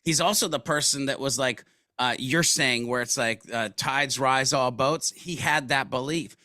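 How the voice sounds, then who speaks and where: Bright, lively-storytelling man. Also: mid-range voice, normal speed, dry recording, studio quality. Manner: animated storyteller, casual slang, acts out quotes. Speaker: guest. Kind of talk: conversational business interview.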